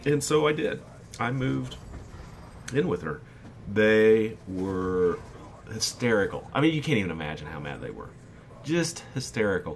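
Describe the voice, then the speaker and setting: A young man with a low voice tells a personal story in a relaxed, candid way while playing a video game. He slips into quoted dialogue and his voice lifts with feeling. A faint hum sits under the recording. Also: brisk. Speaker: gaming YouTuber. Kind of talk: casual storytelling over gameplay.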